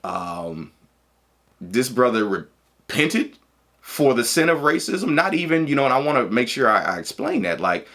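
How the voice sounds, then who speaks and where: A man telling a personal story in a casual, animated way, laughing and acting out what people said. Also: mid-range voice, measured pace.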